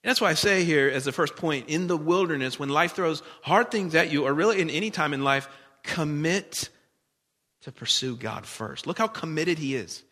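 A man's voice: a little high, lively intonation, normal speed, pushed and bright, long reverb tail. A man preaching a sermon, talking conversationally and putting questions to the congregation. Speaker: pastor.

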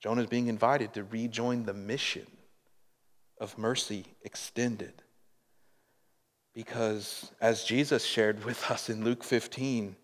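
A man preaching a sermon as a pastor, slow and emphatic, swelling in volume on key points. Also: lowish voice, steady tone, big-room sound.

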